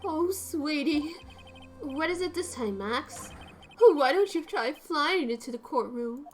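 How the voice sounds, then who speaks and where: A flamboyant young male magician voiced by a woman drawls his lines slowly and theatrically in a lowered voice. He sounds vain and dreamy, a figure in a game dub. Faint music plays behind. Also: expressive.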